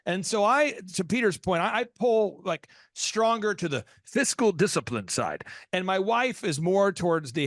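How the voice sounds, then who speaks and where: An American man hosting a podcast, telling a long story with energy and leaping into high excited voices when he acts out his reactions. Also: moderate pace, few pauses, dry recording, studio quality. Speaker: podcast host. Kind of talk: animated storytelling in a business podcast.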